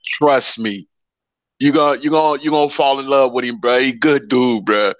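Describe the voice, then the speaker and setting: A man's voice: mid-range voice, fairly even intonation, moderate pace, dry recording. A man co-hosting a podcast in casual chat, talking laid-back slang and saying "bro" over and over. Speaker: podcast co-host. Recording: dull lo-fi dry sound.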